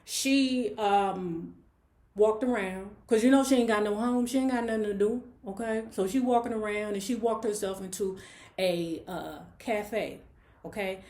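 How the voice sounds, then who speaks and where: A sassy woman in her forties retells a novel for her book club, breaking off into blunt, profane asides. Her pitch sits mid-range, and her voice bounces around a roomy space. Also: a little mellow. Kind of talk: casual story recap. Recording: roomy echo.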